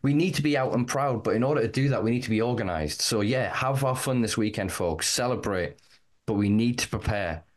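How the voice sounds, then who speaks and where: A man's voice: medium pitch, brisk. A man, a podcast guest, speaking fervently and rallying listeners, swearing freely. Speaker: guest, cannabis rights campaigner. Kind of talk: passionate podcast talk.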